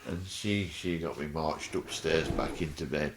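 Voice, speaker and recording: A man's voice: rumbling low, a little slow, slight background noise. A male guest on a podcast who tells funny stories, chuckling often as he talks. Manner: chuckling, animated storyteller. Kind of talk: anecdotal storytelling in a podcast interview.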